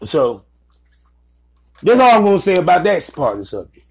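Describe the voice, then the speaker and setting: A man's voice: high-pitched, sing-song, moderate pace, creaky, darkish tone, breathy edge. A man giving blunt, profane business advice in a casual, ranting commentary. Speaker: vlogger giving advice to content creators.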